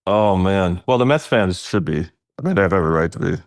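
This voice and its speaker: A middle-aged man with a low voice talks a little fast, recorded in clean studio sound with no echo. He's an animated storyteller in casual conversation, laughing often and pushing his voice up for emphasis.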